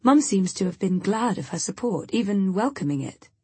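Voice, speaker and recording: Husky woman narrating. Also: mid-range voice, expressive, moderate pace, mellow, no echo. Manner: reflective, first-person. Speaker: audiobook narrator. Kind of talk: scripted narration.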